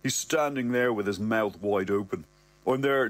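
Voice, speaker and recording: A man's voice: on the low side, moderate pace, no echo. A man narrating a first-person story in a wry, cocky, conversational way.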